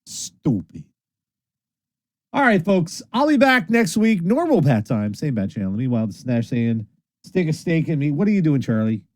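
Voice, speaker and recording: A man hosts a late-night stream in a casual, rambling way. His pitch leaps up and down as he talks, and he sounds tired. The close mic makes his voice dry, with no room sound. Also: brisk, no echo. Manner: lively, rambling, swears casually. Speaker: internet radio host.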